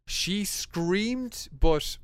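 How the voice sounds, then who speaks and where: A young man with an Irish accent, a podcast co-host telling a story in casual chat, animated and laughing, with lots of restarts. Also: sits high, drawn-out words, background noise.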